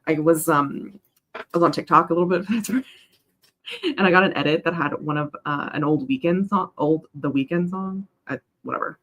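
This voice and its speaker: A woman's voice: sits low, normal speed, fairly bright tone. A young woman hosting a casual co-working stream. She rambles between chat messages and coos at her dog. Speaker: writing livestream host.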